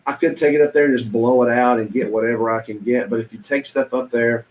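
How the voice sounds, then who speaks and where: A man's voice: medium pitch, fairly even intonation, quick pace, rough recording. A man chatting casually on a live stream about reselling, rambling in a folksy way with lots of ums and restarts. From Southern United States.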